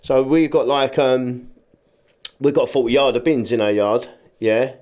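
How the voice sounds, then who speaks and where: A man, a rubbish clearance business owner chatting as a podcast guest, telling stories and acting out what people said. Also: medium pitch, steady tone, unhurried, lo-fi sound. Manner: plain, informal speech. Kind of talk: casual podcast chat.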